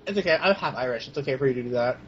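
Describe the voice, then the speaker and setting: A man's voice: medium pitch, expressive, rapid-fire, breathy edge. A young man trading wisecracks and mumbled asides in a casual chat. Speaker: co-host, joking sidekick. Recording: dull lo-fi home recording with faint hiss.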